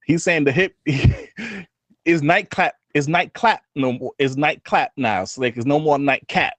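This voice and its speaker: A man co-hosting a podcast in casual banter, animated and slangy, laughing often and mimicking other people's voices. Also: a little high, normal speed, no echo. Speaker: podcast co-host.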